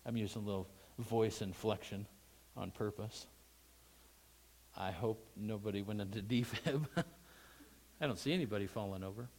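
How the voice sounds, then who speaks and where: A man preaching a Sunday sermon, talking with the congregation more than at it. He asks them questions and then rises into loud, emphatic bursts before settling back down. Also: fairly low pitch, moderate pace, long pauses, poor audio. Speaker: pastor.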